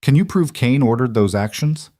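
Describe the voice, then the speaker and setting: A man voicing a smooth federal marshal from the East with an Eastern accent, speaking in a neutral, professional tone. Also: medium pitch, expressive, normal speed, warm tone, no room sound, studio quality, pitched above the performer's own voice, natural voice. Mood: cool. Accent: Eastern American.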